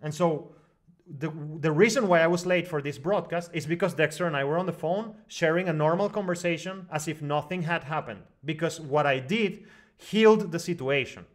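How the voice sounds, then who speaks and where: A man telling a long personal story as a guest on an online broadcast, talking in animated bursts full of fillers and restarts. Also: a little high, moderate pace. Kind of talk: long rambling personal story in casual discussion.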